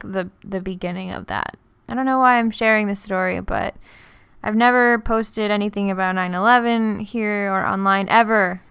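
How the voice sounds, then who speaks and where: Young new woman telling a personal story on her vlog, soft and halting, smooth voice, dry close sound. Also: mid-range voice, dry recording. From New York. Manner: soft, hesitant, halting with many restarts. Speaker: art vlogger.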